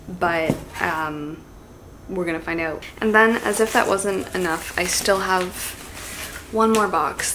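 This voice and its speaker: A woman chatting casually at home as a booktube vlogger, gushing and excitable, with gasps and soft asides. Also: on the low side, background noise. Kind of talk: casual unboxing chat.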